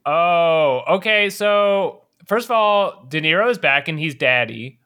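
A man co-hosting a movie podcast, joking around in casual, animated chat. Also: fairly high pitch, clear, resonant tone. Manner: joking and animated, quick wisecracks. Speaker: podcast co-host.

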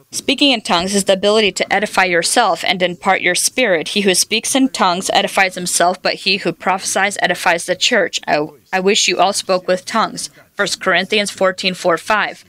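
A woman's voice: mid-range voice, steady tone, fairly quick, few pauses, a bit bright. A woman preaching a sermon, telling personal stories and quoting scripture in an earnest way. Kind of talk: sermon teaching.

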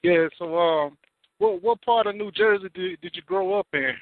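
A man's voice: high voice, animated, normal speed, no room sound. A man interviewing a guest, starting his questions in a hesitant way with "so, um". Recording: tinny phone-like dry line.

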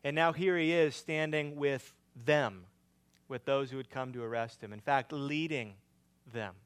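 A man preaching a sermon, swinging between loud emphatic lines and quiet hushed ones. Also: medium pitch, measured pace, clear, resonant tone. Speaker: pastor.

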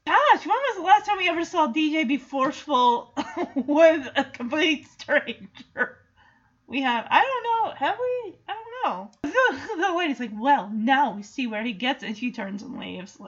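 A woman hosting a show, chatting through a sitcom episode in an animated, sarcastic way. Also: high voice, a little slow, lo-fi sound. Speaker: recap podcast host. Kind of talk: casual episode recap commentary.

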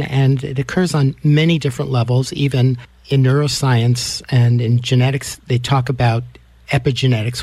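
A man's voice: medium pitch, a little mellow, no room sound. A man hosting a radio interview, asking thoughtful, reflective questions. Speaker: radio show host, interviewer. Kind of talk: interview conversation.

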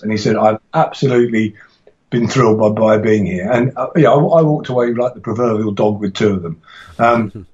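A man's voice: on the low side, normal speed, darkish tone, highs cut off. A middle-aged man, a martial arts instructor and author, telling stories in a podcast interview with enthusiasm and frequent restarts.

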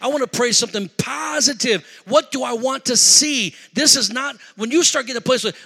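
A man preaching a sermon through a personal story, animated, shouting at the high points and dropping low for asides, in a large hall. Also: fairly quick, husky. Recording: echoey hall reverb.

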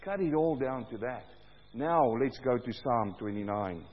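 A man preaching a sermon as pastor, loud and booming, his voice swelling as he reads scripture. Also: animated, unhurried. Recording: dull, lo-fi sound with long hall reverb.

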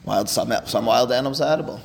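Animated man teaching a Talmud class. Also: mid-range voice, fast talker, creaky, roomy sound, long reverb tail. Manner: animated, emphatic, mixes Hebrew and Aramaic terms.

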